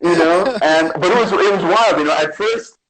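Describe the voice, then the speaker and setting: A man's voice: sits high, moderate pace, low-quality recording. A man from the Bronx, a guest artist chatting casually in an interview and acting out his stories. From the Bronx, New York. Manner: animated storyteller, acts out quotes.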